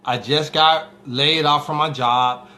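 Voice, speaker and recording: A man talks casually and motivationally, with a slightly high, bright and forceful voice. He tells a long story in loose spoken style, full of restarts and little "right?" check-ins. His delivery is informal and conversational. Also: fairly even intonation, slow. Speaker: motivational speaker.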